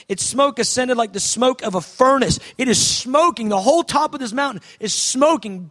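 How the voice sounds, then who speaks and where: A man delivering a sermon in a high voice. He is dramatic, rising to shouts and then dropping to a hush. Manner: dramatic, swings from shouting to hushed. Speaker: preacher.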